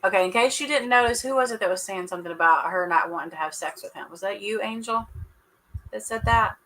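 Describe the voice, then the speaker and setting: A woman with a bright, forceful voice gabs through a casual live reaction chat. She teases and talks straight to her viewers, breaking into laughs often. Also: mid-range voice, fast talker, slight background noise, low-quality recording. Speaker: show reaction host.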